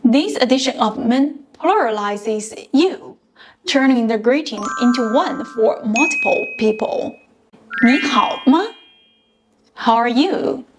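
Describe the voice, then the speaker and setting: A woman teacher gives a scripted beginner language lesson at an unhurried pace. Her voice sits somewhat high. She demonstrates each syllable and tone carefully, one at a time. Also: expressive, slight background noise. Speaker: Mandarin teacher.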